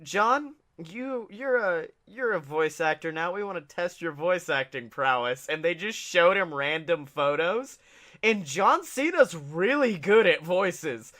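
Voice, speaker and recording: Excitable high-voiced man on a podcast. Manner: excitable, laughing, doing quick voices of people he talks about. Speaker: podcast co-host. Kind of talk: casual wrestling chat.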